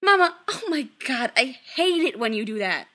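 A woman voicing a flustered, exasperated young man who gets shrill and impatient. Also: very animated, normal speed, pushed and bright, heavily acted.

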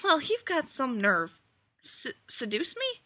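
A woman's voice: high-pitched, huge pitch swings, slow, pushed and bright, dry recording, pitched above the performer's own voice, heavily acted. A woman reading the part of a sarcastic, self-important, fretful man elf in a storybook tale. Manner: exasperated, sarcastic.

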